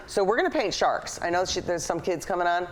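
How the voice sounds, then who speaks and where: Thinking aloud as she paints, an art teacher hosting a live painting show chats with eager energy. She has a fairly low, animated voice and speaks fairly quickly, with slight hiss or hum in the background.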